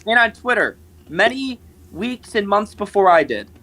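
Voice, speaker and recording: A man with a bright, cutting voice argues on a live stream, mocking the other side with sharp jabs. His pitch leaps up and down as he presses his points, and he stays combative and scornful throughout. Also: sing-song, normal speed, a little hiss or hum, poor audio. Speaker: guest in a live debate. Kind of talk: heated live-stream argument.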